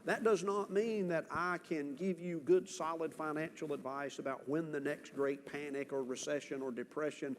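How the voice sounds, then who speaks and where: A man preaching a sermon as pastor, earnest and emphatic, with dramatic pauses. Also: a little high, fairly even intonation, slight background noise. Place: church sanctuary. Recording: church hall reverb, faint ambience.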